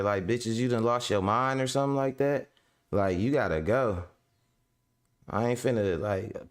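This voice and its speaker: A man's voice: fairly low pitch, clean tone. A young adult man hosting a podcast, venting angrily about a tenant, swearing heavily and talking in slang. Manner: heavy profanity, slangy, ranting. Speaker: podcast host and landlord. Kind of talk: angry venting monologue.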